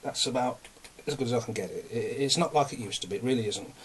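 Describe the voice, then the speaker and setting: A man's voice: medium pitch, fast, slight background noise. A young man, talking in a casual, rambling and self-mocking way, a bit out of breath. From England. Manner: ranting, self-mocking, chatty. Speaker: vlogger.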